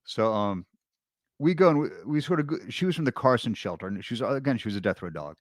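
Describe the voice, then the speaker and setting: A man's voice: medium pitch, animated, quick pace, dry recording, studio quality. A middle-aged man, a podcast guest, telling a long personal story in casual chat, rambling with restarts and fillers.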